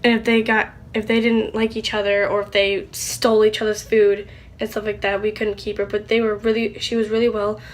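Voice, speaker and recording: A young woman, likely a teen, talking in a casual vlog, rambling and halting with many fillers, tearful with a stuffy nose. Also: medium pitch, level tone. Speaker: channel host.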